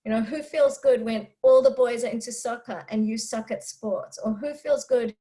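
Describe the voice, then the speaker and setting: A woman's voice: a little high, moderate pace, warm tone, low-quality recording. A woman giving candid, chatty answers to parenting questions during a live online talk, laughing often. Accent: non-Israeli English speaker living in Israel.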